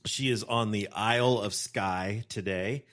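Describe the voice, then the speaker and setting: A man with a somewhat low voice hosts a relaxed podcast chat. He teases his guest playfully between questions. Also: unhurried. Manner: playful, teasing banter. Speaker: podcast host. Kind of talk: casual interview hosting.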